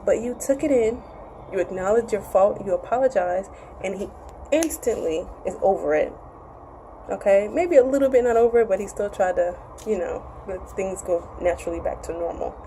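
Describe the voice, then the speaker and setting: A woman's voice: medium pitch, normal speed, mellow, slight background noise, rough recording. A woman giving a casual, candid TV episode recap, chatty and profane, with playful acted quotes. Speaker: TV show reviewer.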